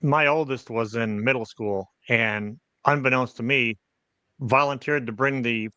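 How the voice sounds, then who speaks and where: A man's voice: medium pitch, measured pace, sharp tone, clear, resonant tone, no room sound, dull audio. A man on a live book chat, a parent who drops dry joking asides. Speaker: guest or co-host, parent. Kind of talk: casual chat.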